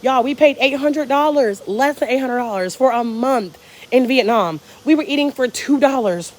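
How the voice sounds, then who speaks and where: An American woman on a live stream, giving an energetic, profane pep talk and reading viewer comments aloud from a hotel room. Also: sits high, moderate pace. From United States. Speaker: travel vlogger. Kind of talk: live-stream motivational chat.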